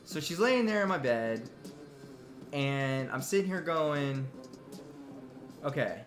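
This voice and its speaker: A man's voice: on the high side, expressive, unhurried, long pauses, a bit bright, roomy sound, soft background music. A man hosting a live stream, telling a comic story in a rambling, self-interrupting way and teasing his audience. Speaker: live stream talk show host. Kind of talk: comedic storytelling to a live chat.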